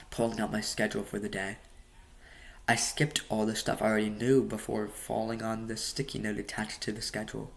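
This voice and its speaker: Relaxed man reading a novel. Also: lowish voice, gravelly. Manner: relaxed, with stumbles and joking asides. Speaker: audiobook reader.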